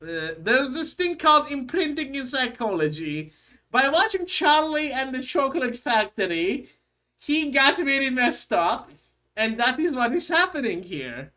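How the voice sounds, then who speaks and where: Here is a pompous German psychologist who lectures in a mock-serious way, as a young-sounding man puts him on. The voice sits high, with a bright, forceful edge and a heavy put-on German accent. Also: very animated, measured pace, full character voice. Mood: mock-lecturing. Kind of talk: livestream reaction chat.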